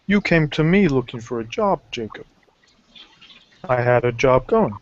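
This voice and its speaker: A man's voice: mid-range voice, lively intonation, a little slow, lo-fi sound, natural voice. A man voicing a brash male mob boss who swears bluntly. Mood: gruff.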